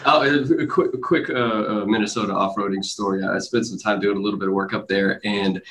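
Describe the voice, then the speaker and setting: A man co-hosting a casual podcast, chatty and jokey, telling animated stories. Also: lowish voice, fairly quick, a little hiss or hum. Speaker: podcast co-host, lawyer.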